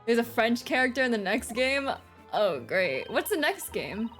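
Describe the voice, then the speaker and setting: A woman's voice: fairly high pitch, sing-song, measured pace, faint music behind. Chatty, giggly young woman streamer. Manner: chatty, giggly, reads game dialogue aloud. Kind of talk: casual chat while playing a game.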